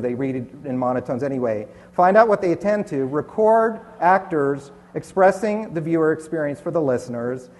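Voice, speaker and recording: A man's voice: on the high side, a little mellow. Sardonic male conference speaker. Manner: sardonic, dry humor. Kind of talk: presentation talk. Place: hotel conference hall. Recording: long hall reverb in a conference hall.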